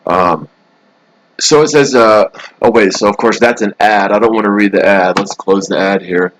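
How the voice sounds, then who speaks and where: A man's voice: fairly low pitch, moderate pace, fairly bright tone, low-quality recording. Rambling, sarcastic male streamer. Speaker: live stream host. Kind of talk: casual live stream commentary. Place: hotel room. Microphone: laptop mic.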